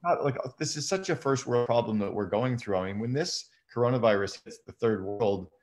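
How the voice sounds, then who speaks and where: A man in a casual live conversation, calmly explaining daily habits step by step. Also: medium pitch, fairly quick. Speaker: guest.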